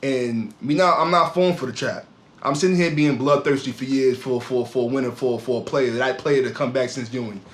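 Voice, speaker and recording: A man's voice: medium pitch, fairly quick, echoey room. A man co-hosting a sports podcast, ranting heatedly in casual talk and often repeating his words. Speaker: podcast co-host.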